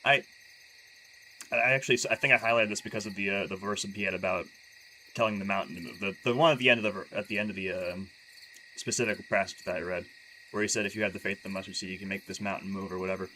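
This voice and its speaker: A man in a casual live stream, his voice sitting fairly low yet sounding crisp and forceful. He talks in a halting, self-correcting way and makes wry remarks. A faint hiss of background noise runs underneath. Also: steady tone, rough recording. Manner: halting, stumbles and restarts often; chatty and wry when talking freely. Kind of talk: casual live-stream chat and reading aloud.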